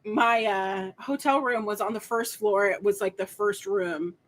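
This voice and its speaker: A woman, a podcast guest, chatting casually and telling animated stories with swearing and frequent laughter. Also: medium pitch, unhurried. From United States. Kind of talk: casual chat.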